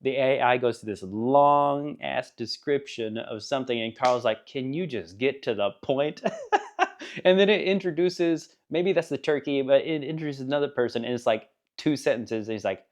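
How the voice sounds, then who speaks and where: A man's voice: mid-range voice, normal speed. A man giving a casual spoken book review, rambling and enthusiastic, laughing now and then at the funny parts.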